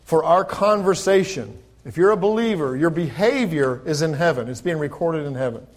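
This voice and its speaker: A man's voice: fairly high pitch, lively intonation. A male pastor preaching a sermon, reading scripture aloud and then explaining it in conversational asides. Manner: rises to loud, slow, emphatic preaching when reading scripture; conversational asides between quoted verses.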